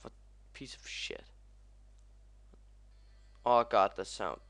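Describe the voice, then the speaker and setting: Young male let's-player, slow unhurried delivery with sudden cursing yelps over a crash, keyboard clicking behind. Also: lowish voice, creaky. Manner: excitable, swears a lot, yelps at crashes. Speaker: gaming commentator. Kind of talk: let's play commentary.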